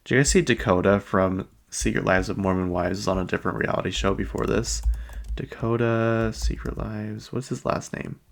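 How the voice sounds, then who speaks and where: A man's voice: lowish voice, fairly even intonation, normal speed, vocal fry. A man hosting a casual pop-culture chat, rambling and chatty with frequent ums. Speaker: podcast host.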